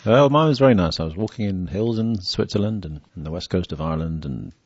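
A man hosting a casual podcast, relaxed and chuckling, reading out listener questions. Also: deep voice, quick pace, slightly rough, no echo. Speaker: podcast host. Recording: dull lo-fi sound.

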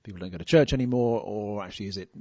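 A man hosting a casual podcast, relaxed and chuckling, reading out listener questions. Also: on the low side, rapid-fire, dry recording. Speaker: podcast host. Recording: dull lo-fi sound.

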